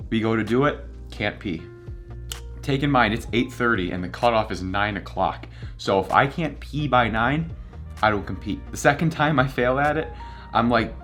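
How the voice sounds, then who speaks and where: A man's voice: on the low side, fairly quick, soft background music. Young man telling a vlog story. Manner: animated, acts out both sides of conversations. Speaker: vlogger.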